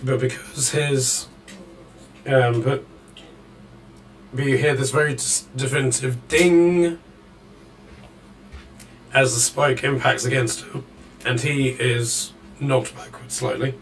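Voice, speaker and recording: A man running a tabletop game as dungeon master, calling out the action in a measured play-by-play. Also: medium pitch, steady tone, distant mic, a little hiss or hum, low-quality recording.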